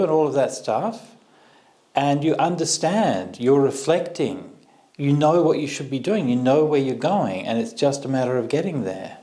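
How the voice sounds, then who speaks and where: A man teaching meditation over a video call, speaking gently and reassuringly in a mid-range voice. He pauses and restarts often as he thinks aloud. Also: mid-range voice, expressive. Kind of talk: online Q&A answering questions.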